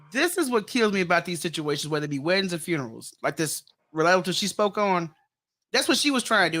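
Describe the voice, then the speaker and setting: A woman on a casual podcast who reacts quickly and speaks bluntly, with plenty of swearing. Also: mid-range voice, fairly bright tone.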